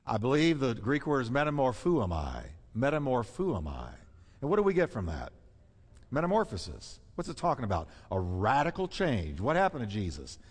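A man preaching a sermon with emphatic delivery, rising to loud high peaks and dropping to hushed asides. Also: wildly swooping pitch, moderate pace, husky. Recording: long reverb of a large hall.

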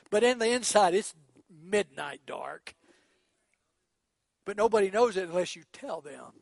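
A male pastor preaching a sermon, acting out quoted voices and swinging between hushed, quiet lines and shouted ones. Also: high voice, expressive, moderate pace, vocal fry, pauses often, no room sound.

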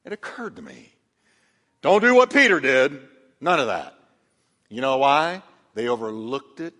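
A man's voice: mid-range voice, lively intonation, unhurried, pushed and bright, long reverb tail. A man preaching a sermon as pastor, emphatic and calling on the congregation to respond.

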